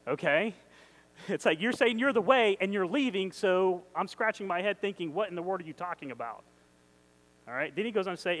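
A man with a high voice preaches a sermon with eager energy, quick to get carried away. He reads scripture aloud and keeps turning to his listeners with questions. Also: rough recording. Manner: excitable, emphatic, asks the audience questions.

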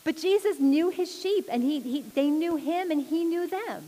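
A woman giving an informal sermon, chatty and lively, laughing often as she talks. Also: sits high, moderate pace. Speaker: preacher. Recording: long hall reverb with faint hiss.

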